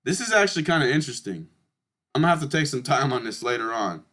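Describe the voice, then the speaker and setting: A man's voice: medium pitch, very animated, quick pace, sharp tone. A man talking casually through historical charts, blunt and emphatic, swearing and addressing his viewers directly. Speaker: channel host.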